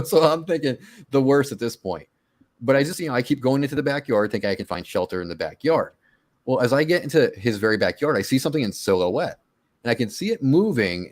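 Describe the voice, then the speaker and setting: A man casually telling his own monster encounter story on a radio show, animated and acting out his own quotes. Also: medium pitch.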